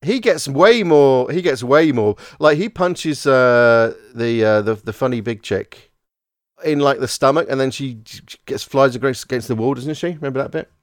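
A man's voice: mid-range voice, normal speed, no room sound, studio quality. A man co-hosting a casual movie podcast, rambling with stammered restarts. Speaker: podcast co-host.

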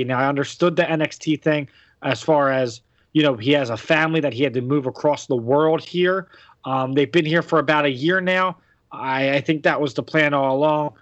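Here the podcast host, an American man, rambles casually about wrestling, stumbling through plenty of fillers and restarts. His voice is a little high. The audio is dry and muffled.

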